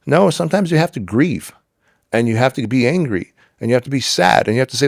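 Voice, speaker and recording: A man's voice: medium pitch, lively intonation, quick pace, vocal fry, dry recording, clean studio sound. A middle-aged man speaking as a podcast guest, telling personal stories emphatically, acting out dialogue and swearing now and then. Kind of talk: candid storytelling interview.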